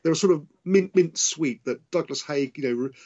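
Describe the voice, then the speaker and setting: A man's voice: a little high, moderate pace, a little mellow, husky, muffled recording. A man, a historian and author, answering interview questions in a hesitant way, with many restarts and qualifiers.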